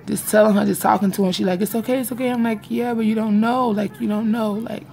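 Young woman, casual vlogger, gravelly voice, confiding and repetitive, faint background noise. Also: fairly high pitch, steady tone, quick pace, warm tone. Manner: rambling and confiding, repeats herself, addresses viewers as y'all. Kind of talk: casual vlog chat to viewers. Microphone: phone or webcam in front of her.

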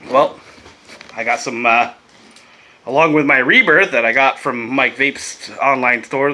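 A man's voice: medium pitch, pushed and bright. A laid-back man chatting casually and swearing as he reviews vape gear in a vlog, coughing now and then.

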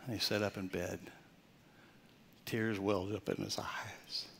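Older male pastor, loud to whispered. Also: fairly low pitch, fairly even intonation, measured pace, gravelly, a little hiss or hum. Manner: swings from loud emphatic preaching to soft near-whispered storytelling. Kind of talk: sermon.

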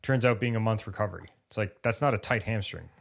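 A man co-hosting a podcast on sports injury recovery, who talks casually and acts out the thoughts of injured athletes in lively bursts. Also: on the low side, fast talker, vocal fry. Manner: animated, acts out athletes' inner voices.

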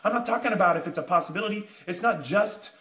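A man giving a motivational pitch, emphatic and repetitive, pushing his points with rising urgency. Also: quick pace, sharp tone, roomy sound. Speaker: motivational speaker.

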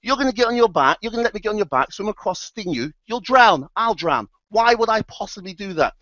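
A man's voice: normal speed, fairly bright tone, smooth, no echo, lo-fi sound, natural voice. A man voicing a sly scorpion who coaxes a frog into giving him a ride, in a fable told during a trading seminar. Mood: coaxing. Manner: coaxing, persuasive, high and insistent.

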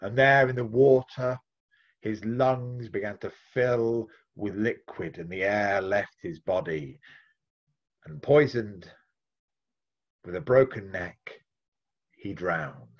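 Male author-storyteller, husky voice, lively telling, dull audio. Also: fairly low pitch, slow, pauses often. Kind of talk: folk tale storytelling and interview answers.

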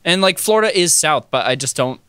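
A young man chatting on a podcast, thinking out loud and hedging with fillers and unfinished sentences. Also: fairly high pitch, lively intonation, a little fast, clear, resonant tone, no echo. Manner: thoughtful, hesitant with fillers and trailing sentences. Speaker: podcast co-host. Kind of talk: casual chat.

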